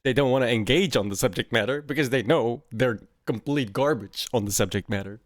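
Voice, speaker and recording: A man's voice: medium pitch, fairly quick. A young man streaming casual reaction commentary, mocking and swearing, often breaking into laughter.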